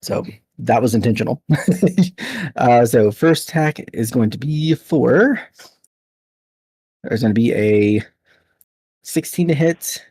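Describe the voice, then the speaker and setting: A man playing a tabletop role-playing game, chatty and laughing often, lifting his pitch when he speaks in character. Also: slow, pauses often, darkish tone, breathy edge, dry recording. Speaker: player.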